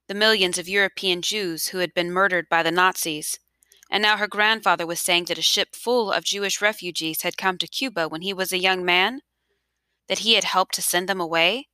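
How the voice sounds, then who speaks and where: Crisp, bright-voiced woman narrating. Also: on the low side, no room sound, clean studio sound. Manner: measured, expressive storytelling. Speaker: audiobook narrator. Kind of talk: scripted narration.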